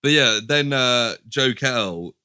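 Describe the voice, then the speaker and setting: A man's voice: mid-range voice, expressive, takes it slowly, pushed and bright, smooth. A man co-hosting a casual podcast, recapping film scenes with lots of fillers and acted-out lines. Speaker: podcast co-host.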